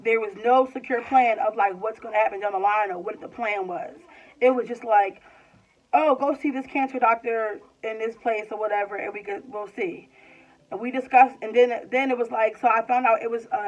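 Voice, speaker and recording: A woman in her twenties casually telling a personal story, full of "like" and rambling restarts. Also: on the high side. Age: 20s. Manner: chatty, fills with "like", rambling restarts. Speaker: vlogger. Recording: slightly distant, dull lo-fi sound.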